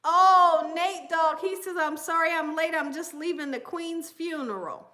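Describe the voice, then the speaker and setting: High bright-voiced Southern woman host. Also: measured pace. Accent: Southern American. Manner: chatty, reads viewer comments aloud, coos to her dogs. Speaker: cooking channel host. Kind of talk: casual livestream chat.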